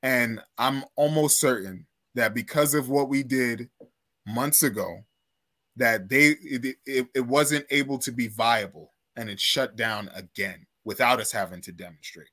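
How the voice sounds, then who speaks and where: Man, podcast guest, casual chat, earnest, thoughtful, measured phrasing, mid-range voice. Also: mid-range voice, sharp tone. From United States, born to Trinidadian parents.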